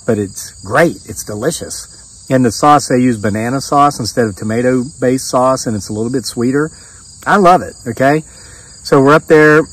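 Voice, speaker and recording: A man's voice: mid-range voice, distant mic, low-quality recording. A middle-aged man telling a rambling story as a homesteading vlogger, with restarts and bits of quoted dialogue. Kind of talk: casual storytelling monologue. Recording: voice set back from the mic.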